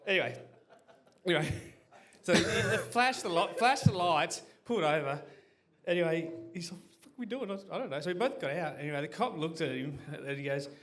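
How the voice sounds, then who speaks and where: A man's voice: on the high side, lively intonation, fairly quick, a bit bright. A man telling a rambling, sweary comic story to a live audience, saying "anyway" over and over and laughing as he goes. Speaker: guest telling a story on stage. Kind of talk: crowd-facing comic yarn.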